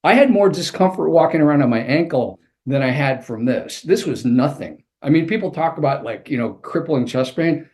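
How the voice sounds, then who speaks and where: A man's voice: on the high side, lively intonation, moderate pace, hardly any pauses, a little mellow. A man, an author and executive coach, telling a vivid personal story as a guest in an interview.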